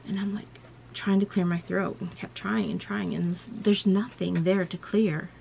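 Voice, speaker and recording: A woman's voice: medium pitch, fairly even intonation, moderate pace, gravelly, darkish tone, slight background noise. A woman vlogger telling a personal story in a casual, rambling way, full of "you know" and "like.".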